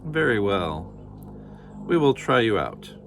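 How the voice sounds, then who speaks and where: A huge, domineering mother dragon, voiced by a man, slow and menacing in a low, booming voice. She drags out her threats and scolds like a storybook monster. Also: very animated, vocal fry, a bit bright, soft background music, heavily acted. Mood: scolding.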